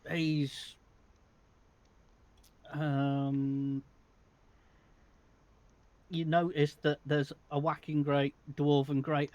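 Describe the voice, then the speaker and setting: A man narrating as game master of a tabletop game, describing scenes haltingly with many pauses and fillers. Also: a little high, a little mellow, no echo, highs cut off.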